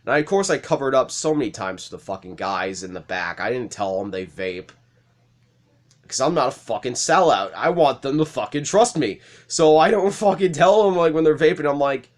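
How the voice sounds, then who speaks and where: A man's voice: medium pitch, expressive, a little fast. A young man hosting a let's play, casually telling rambling stories with lots of swearing and laughter. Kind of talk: casual storytelling over gameplay.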